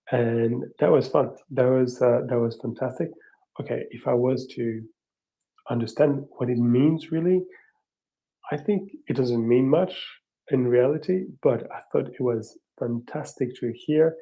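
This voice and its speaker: Give me a non-native English-speaking man hosting a chat, mellow and warm in tone, halting with lots of fillers. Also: medium pitch, gravelly, low-quality recording. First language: not English. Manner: rambling, halting, self-deprecating. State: tired, up at four in the morning. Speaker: host. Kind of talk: casual live audio-room chat.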